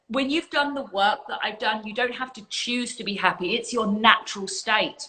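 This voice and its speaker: Bright-voiced woman coach, livestream spiritual talk, earnest and emphatic, swears a bit, phone mic. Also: a little high, normal speed, few pauses, rough recording. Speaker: spiritual coach and community leader.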